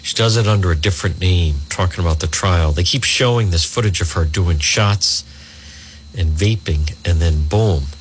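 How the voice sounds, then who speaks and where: A man's voice: sits low, moderate pace, slight background noise. A middle-aged man hosting a talk radio show, reading a news story aloud and adding indignant asides.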